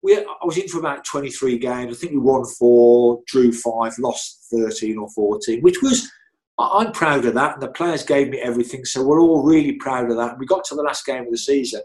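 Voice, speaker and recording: In a mid-range voice that's a little fast and a little mellow, a middle-aged man tells anecdotes as an interview guest. He's chatty and rambling, circling back often with restarts, filler phrases, and plenty of "you know"s.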